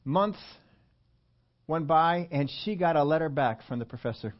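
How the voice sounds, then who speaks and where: A man's voice: fairly high pitch, expressive, moderate pace. A man preaching, telling a story in a chatty way, often quizzing his audience and restarting his sentences. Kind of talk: storytelling sermon. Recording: dull lo-fi recording.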